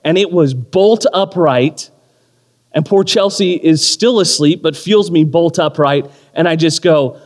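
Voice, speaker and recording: A man in his thirties preaching a sermon, telling a story with animated, self-deprecating humor. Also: on the high side, unhurried. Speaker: pastor. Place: church or community hall. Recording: long hall reverb.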